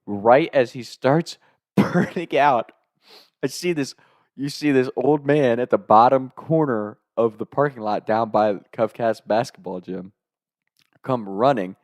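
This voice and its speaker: A man's voice: mid-range voice, unhurried, darkish tone, dry recording, studio quality. A young man telling a casual, comic anecdote, laughing often through his own story and swearing freely.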